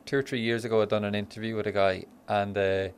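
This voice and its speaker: An Irish man, a footballer guest on a podcast, telling anecdotes in a relaxed, dry casual chat. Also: on the low side, quick pace, clear, resonant tone. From Ireland.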